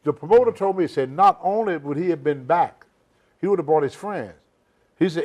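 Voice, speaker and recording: An older man with a somewhat high voice spins long, emphatic stories, dropping words and circling back to his point. He talks like a guest in a casual sit-down interview. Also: moderate pace, darkish tone. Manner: rambling, emphatic storytelling with dropped grammar. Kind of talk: shoot interview storytelling.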